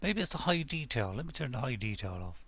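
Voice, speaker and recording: A man's voice: medium pitch, sing-song, fast talker, a bit bright, husky. A man chatting casually to viewers while playing a survival game live, rambling and poking fun at himself. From United Kingdom. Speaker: game streamer. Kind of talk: casual live-stream commentary.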